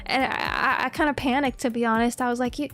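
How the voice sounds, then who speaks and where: A young woman chatting casually as a streamer, giggly and excitable, swearing freely. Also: fairly high pitch, fast talker. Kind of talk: casual chat.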